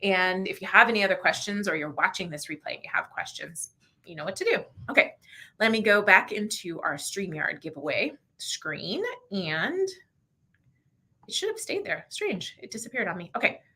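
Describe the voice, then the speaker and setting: A woman hosting a casual livestream, chatty and quick to laugh, who answers viewer questions and reads passages aloud to show how to narrate. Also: medium pitch, big pitch swings, bright, forceful tone. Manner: chatty, laughs often, demonstrates slow audiobook reading. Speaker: livestream host.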